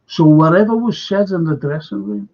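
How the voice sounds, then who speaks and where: An older man hosting a casual chat, talking haltingly with many fillers and restarts. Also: on the high side, big pitch swings, darkish tone. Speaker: host. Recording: dull lo-fi sound.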